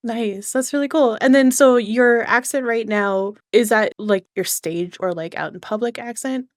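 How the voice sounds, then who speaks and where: A woman's voice: fairly high pitch, moderate pace, dry recording, clean studio sound. A woman hosting a casual interview as a VTuber, asking questions eagerly and encouragingly. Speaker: VTuber host.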